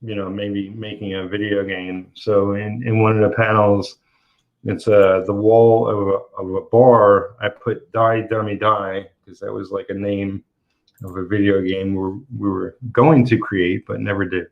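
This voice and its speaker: A man who draws comics hosts his channel and chats as he works, speaking a little slowly in a low, flat voice. His stories come easy, loaded with laughs and filler words, and the recording sounds like muffled lo-fi call audio.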